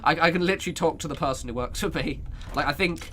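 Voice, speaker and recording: A young man talks in a bright, forceful voice, rambling casually to his stream as he plays. He laughs and swears often. Faint noise sits under his voice. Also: on the high side, fast talker. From United Kingdom. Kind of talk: casual chat while gaming.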